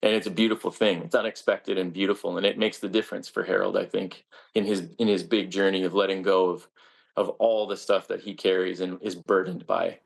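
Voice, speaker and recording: A man's voice: low-pitched, flat delivery, a little fast, gravelly. A man, a stage actor, answering interview questions in an earnest, reflective way with frequent restarts.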